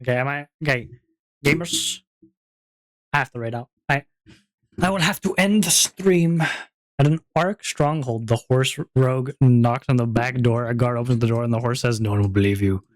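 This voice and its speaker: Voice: medium pitch, normal speed. A streamer in a casual chat, rambling with many "like"s and frequent laughter while wrapping up a stream. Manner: rambling, giggly, lots of fillers.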